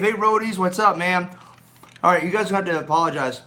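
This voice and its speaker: An upbeat man chats on a home live stream, calling out viewers by name with frequent ums and restarts. His voice sits high and sounds bright, with a slight scratchiness in the throat. He talks into a phone mounted on a gimbal. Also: a little fast. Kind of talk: casual live stream chat. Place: at home indoors.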